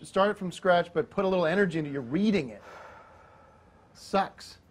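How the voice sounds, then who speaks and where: A man's voice: sits high, animated, a little fast. Bossy, profane man hosting a film show. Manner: bossy, impatient, swears when directing. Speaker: host.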